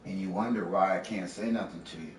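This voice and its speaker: A man's voice: deep voice, fast, far from the mic. A man live streaming from home, arguing at length in a confrontational, lecturing, profane way. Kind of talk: heated domestic argument. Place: at home, indoors. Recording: echoey room, off-mic, faint noise.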